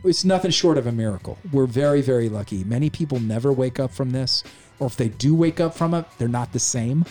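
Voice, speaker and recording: A middle-aged man sits in for a casual podcast chat and tells a story in an earnest, emphatic way. His voice sits at an ordinary middle pitch and he swears casually. Faint music plays quietly behind him. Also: animated, a little fast. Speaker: radio DJ and podcast host.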